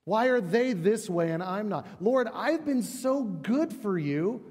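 A man's voice: high voice, animated, takes it slowly, a little mellow, husky, pitched above the performer's own voice, full character voice. A man voicing a resentful believer who complains to God with pleading, whiny questions, in a long reverberant hall. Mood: aggrieved.

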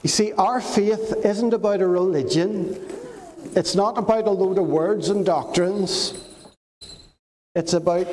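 A man, a preacher telling a story to children in a slow, dramatic storytelling sermon. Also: high-pitched, a little mellow. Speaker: preacher giving a children's talk. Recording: echoey hall, faint noise.

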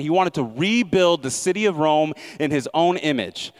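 A man's voice: on the high side, lively intonation, moderate pace. A male pastor preaching a sermon in a conversational way, with sarcastic asides and frequent self-corrections.

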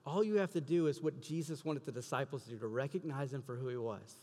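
A man preaching a sermon as pastor, building to loud, emphatic passion. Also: mid-range voice, fast talker. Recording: long hall reverb.

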